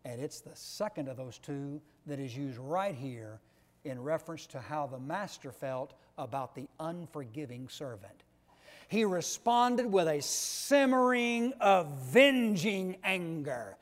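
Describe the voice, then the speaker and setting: A man preaching a sermon with slow, emphatic delivery, swinging between loud stressed words and soft low drops. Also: animated. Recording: long echo of a large hall.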